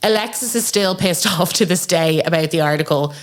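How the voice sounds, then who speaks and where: Lively chatty woman retelling a story. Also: lowish voice, a little fast. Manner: animated storyteller, acts out quotes. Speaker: podcast guest. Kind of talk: casual chat.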